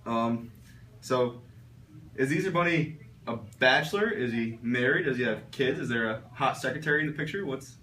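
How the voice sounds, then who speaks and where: Man, mock reporter, brisk questions, mic far off, faint noise behind. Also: medium pitch, bright, forceful tone. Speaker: interviewer. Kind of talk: comedy sketch interview. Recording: echoey room, mic far off.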